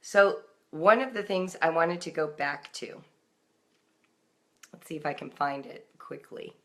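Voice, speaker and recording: Gentle encouraging woman, low voice. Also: a little slow. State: morning voice. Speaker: homeschool writer reading her daily book on a live stream. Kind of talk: reading aloud then casual live chat.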